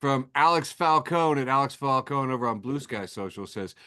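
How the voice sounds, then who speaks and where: A man's voice: mid-range voice, lively intonation, moderate pace, sharp tone, dry recording. A man co-hosting a casual comedy podcast, telling anecdotes in a laid-back way with dry asides. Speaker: podcast co-host. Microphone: remote call mic.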